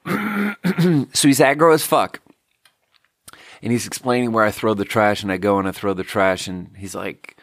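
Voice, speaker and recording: A man's voice: medium pitch, no echo, clean studio sound. A man from Sweden, telling a rambling story in a casual solo monologue full of "like". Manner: casual, meandering, lots of "like".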